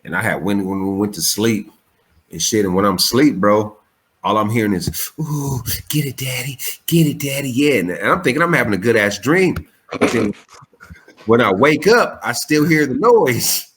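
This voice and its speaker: A man in his forties, a comedian guest on a remote call, telling stories in a casual, profane way and jumping up in pitch when he quotes himself. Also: normal speed. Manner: animated, profane, jumps high for quoted lines. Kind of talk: casual storytelling interview.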